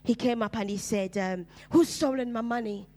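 Speaking at normal speed, this preacher from Uganda recounts her own testimony in a conversational way. Her tone is earnest, growing quiet and low whenever painful memories come up.

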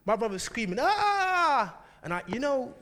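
A man preaching a sermon, telling a personal story with lively laughter and frequent asides to the congregation. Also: high-pitched, racing. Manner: animated, laughing, keeps asking "do you know what I mean".

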